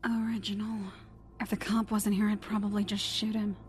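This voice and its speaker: A man's voice: sits high, little pitch movement, normal speed, voice pushed up, lightly acted. A man voicing a calculating young female spy in an audiobook-style reading, often dropping into sly whispered asides. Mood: sardonic. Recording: music bed under the reading.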